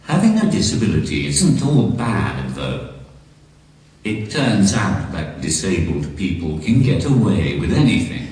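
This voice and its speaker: A man doing stand-up comedy through a text-to-speech device, deadpan and synthetic, live in a large concert hall. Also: low-pitched, unhurried. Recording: echoey hall from far off, faint noise.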